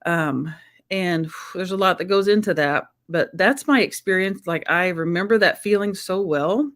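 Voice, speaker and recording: A woman's voice: fairly low pitch, moderate pace, fairly bright tone. A woman hosting a live-streamed chat show, talking in an effusive, heartfelt way that is emotional and close to tears. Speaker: host.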